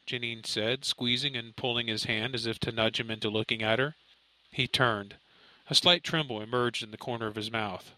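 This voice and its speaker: A man narrating an audiobook in a steady, measured storytelling voice. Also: medium pitch, no room sound, rough recording. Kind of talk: scripted narration.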